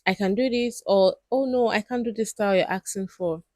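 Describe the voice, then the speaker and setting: A woman reacting to a clip with calm, reasonable commentary. Her voice sits at an ordinary pitch and sounds dry and close. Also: a little fast, no room sound.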